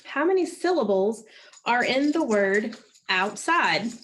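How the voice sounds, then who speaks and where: Woman teacher, slightly high voice, slow and patient, leading a phonics drill. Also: expressive, fairly bright tone. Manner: slow, patient prompting with pauses for answers. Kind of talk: phonics lesson to children.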